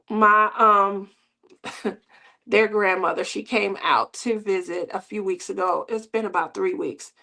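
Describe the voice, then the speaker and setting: A woman's voice: medium pitch, gravelly, a bit bright. A middle-aged woman hosting a crafting channel, chatting casually with viewers in a rambling way and laughing often.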